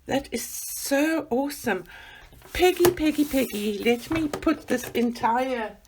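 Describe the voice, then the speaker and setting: A woman chatting excitedly as she unboxes gifts for her vlog, gushing and gasping with delight. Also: on the high side, slow pace, noisy background.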